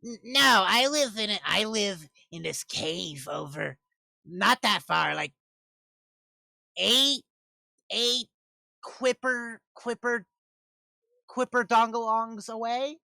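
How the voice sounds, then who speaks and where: A man's voice: high-pitched, takes it slowly, creaky, long pauses, pushed and bright, no echo, pitched above the performer's own voice, exaggerated voice. A man voicing a crotchety, leathery old witch woman with seaweed hair, speaking in a folksy, dismissive drawl.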